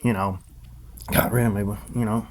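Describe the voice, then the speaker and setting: A man's voice: fairly low pitch, steady tone, moderate pace. A grown man vlogging, telling a nightmare in a loose, rambling way full of fillers and restarts. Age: adult. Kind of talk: rambling casual monologue.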